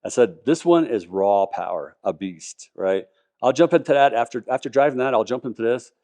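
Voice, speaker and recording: A man's voice: mid-range voice, moderate pace, mellow. A man talking casually as a podcast guest, enthusiastic and rambling, with many restarts. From Colorado, US. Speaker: podcast guest, car collector. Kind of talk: casual interview talk.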